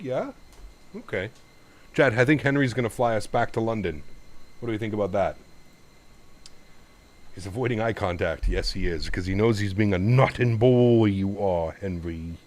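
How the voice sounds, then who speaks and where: A man's voice: fairly low pitch, lively intonation, moderate pace, long pauses. A man from Canada hosting a casual live flight-sim stream, cooing to his dog and talking through cockpit setup steps.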